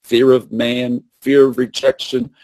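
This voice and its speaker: A man's voice: medium pitch, little pitch movement, a little slow, a little mellow. A man preaching a sermon and teaching with emphatic, repeated phrases.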